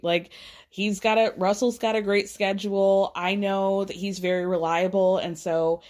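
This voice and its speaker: A woman giving a casual, gossipy recap of a reality show, slipping into quick impressions of the cast as she retells their lines. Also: mid-range voice. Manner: gossipy, animated, mimics cast members' voices.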